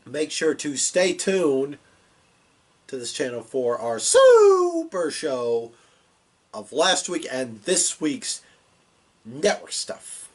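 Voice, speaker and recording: Slow-talking guy with a husky voice, rambling, swears a lot, casual wrestling chat. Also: on the high side, wildly swooping pitch. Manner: rambling and profane, lots of fillers. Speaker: wrestling show reviewer.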